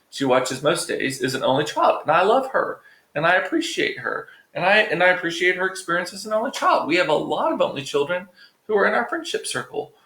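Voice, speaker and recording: A man talks straight to his viewers in a loose, rambling vlog monologue, swearing freely and tossing in jokes and asides. His voice sits at a middling pitch. The sound carries a noticeable roomy echo. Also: fairly bright tone. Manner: profane, joking, rambling asides. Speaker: vlog host. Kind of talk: casual chatty monologue to viewers.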